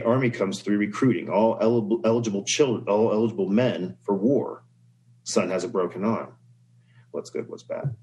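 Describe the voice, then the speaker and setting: A man talks as a guest on a podcast, his voice sitting a little low. He speaks earnestly and reflectively and slips easily into telling a story. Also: a little mellow, low-quality recording. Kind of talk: casual conversation.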